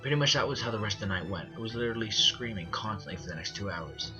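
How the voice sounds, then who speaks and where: A man narrating a first-person horror story as an earnest storyteller, restarting phrases and slowing down on the creepy parts. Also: fairly low pitch, animated. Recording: dull lo-fi recording with music behind. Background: music bed.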